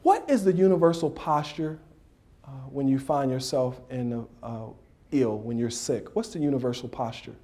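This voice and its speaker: A man giving a motivational speech at a dinner. He tells animated stories, throws questions at the audience and adds sound effects. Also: medium pitch, normal speed. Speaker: motivational speaker and coach. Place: dinner banquet.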